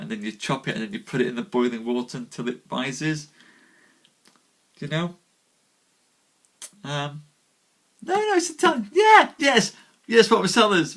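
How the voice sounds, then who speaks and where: A man's voice: a little high, a bit bright. A man hosting a live storytelling stream, chatting casually with viewers, a little tired, and greeting them by name with self-deprecating humor. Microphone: webcam or desk mic on a live stream.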